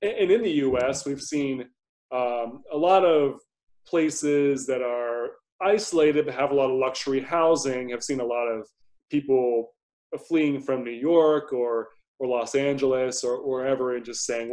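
A man, a guest investor in an interview, explaining in a measured, conversational way and often repeating a word as he starts a thought. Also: mid-range voice, a little mellow.

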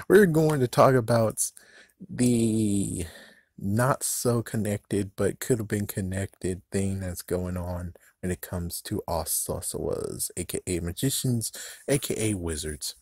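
Low-voiced excitable young man ranting. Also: slow pace, no room sound, clean studio sound. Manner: excitable, swearing, rambling with frustrated outbursts. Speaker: fan channel host. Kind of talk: casual ranting vlog.

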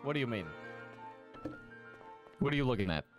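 A man's voice: medium pitch, lively intonation, moderate pace, music in the background, close to an everyday voice. A man voicing an irritable, suspicious character in an improvised game roleplay who keeps insisting everything is fine.

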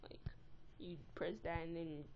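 A woman giving casual, excitable and easily exasperated commentary while playing a game, recorded on a tablet's built-in mic. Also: on the low side, measured pace, gravelly, muffled recording, very noisy. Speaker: gameplay recorder.

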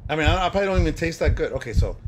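A man commentating a horror game he is playing, jumping between shouts and muttering to himself. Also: on the high side, animated, rapid-fire, background noise. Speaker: gameplay streamer. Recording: music loud in the background.

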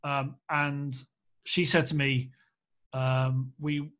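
A man's voice: mid-range voice, extremely slow. A man from Australia, a filmmaker guest on a podcast, telling a candid anecdote and acting out the people he quotes. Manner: candid, animated anecdote-teller who acts out quoted speech. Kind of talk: casual podcast interview storytelling.

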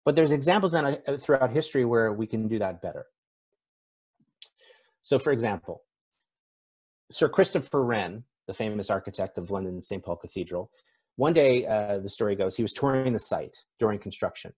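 A man's voice: on the low side, lively intonation, moderate pace, darkish tone, husky. A man speaking as a conference speaker in a conversational, self-deprecating keynote, with frequent fillers. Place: event stage.

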